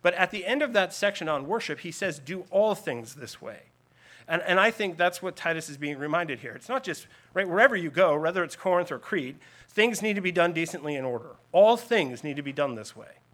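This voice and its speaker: A man's voice: fairly high pitch, lively intonation, brisk, a bit bright. A man preaching a sermon, explaining scripture in an earnest teaching tone with emphatic lists. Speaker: pastor.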